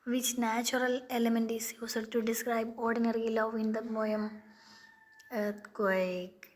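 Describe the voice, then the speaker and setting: Slow-talking woman teaching a poem. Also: a little high, flat delivery. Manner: asks questions then answers them, halting restarts. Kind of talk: quiz-style poetry lesson. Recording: faint background noise.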